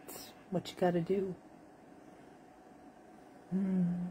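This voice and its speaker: A tired woman with a cough, talking in a slow, halting late-night monologue to her viewers. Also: fairly low pitch, completely flat delivery, dark tone, a little hiss or hum, low-quality recording. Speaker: vlogger.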